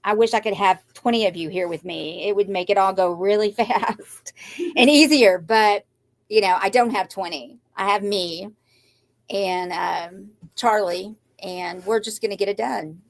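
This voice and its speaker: An older woman talks straight to her viewers. She rambles and sounds anxious, her voice shaky and near tears, then turns defiantly upbeat. Her voice sits in a plain middle pitch. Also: measured pace. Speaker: craft channel host. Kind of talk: emotional live chat to viewers.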